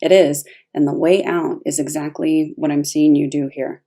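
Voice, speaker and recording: A woman giving a casual, expressive tarot reading, talking straight to the viewer with emphatic asides. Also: low voice, normal speed. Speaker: tarot reader.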